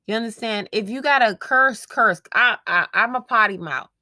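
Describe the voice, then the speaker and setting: A woman's voice: fairly high pitch, normal speed, pushed and bright, dry recording. A woman hosting her own show, giving a casual motivational monologue to her listeners, frank and profane, laughing often. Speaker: podcast host.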